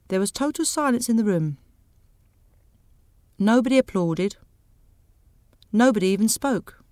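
A woman reading a storybook aloud in a clear, measured, expressive way. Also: mid-range voice, dry recording, clean studio sound. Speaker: audiobook reader. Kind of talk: scripted narration of a graded reader.

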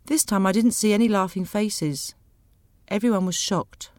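A woman reading a storybook aloud in a clear, measured, expressive way. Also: mid-range voice, no echo, studio quality. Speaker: audiobook reader. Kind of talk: scripted narration of a graded reader.

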